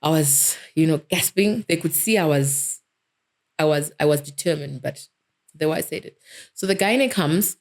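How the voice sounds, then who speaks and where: A woman, a dentist telling her personal story as an interview guest in a vivid, animated way. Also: deep voice, moderate pace. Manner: vivid, animated storytelling, self-described vocal.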